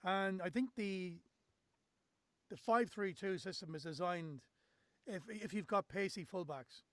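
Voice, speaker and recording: Male podcast host, high voice, blunt and opinionated, dry close sound. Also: a little slow, a bit bright, no room sound. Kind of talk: casual football chat.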